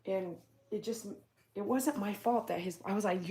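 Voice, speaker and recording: A middle-aged woman, chatting casually on a livestream, full of filler words and loud bursts when calling her dogs. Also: medium pitch, moderate pace, a little hiss or hum. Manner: chatty, storytelling, lots of "like" fillers. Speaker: dog groomer and small business owner. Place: home patio.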